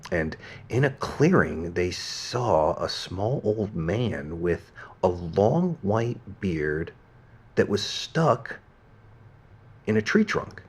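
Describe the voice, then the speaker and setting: A man in a game role reading a fairy tale aloud as a gentle bedtime story. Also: sits low, husky, heavily acted. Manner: gentle storytelling, softening at the end.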